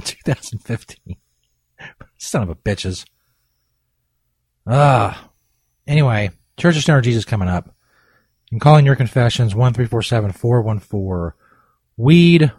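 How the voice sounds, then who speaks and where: A man's voice: mid-range voice, a little mellow, dry recording. A man hosting a comedy podcast, ranting profanely in exasperation and reading sponsor ads. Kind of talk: comedic rant and ad reads.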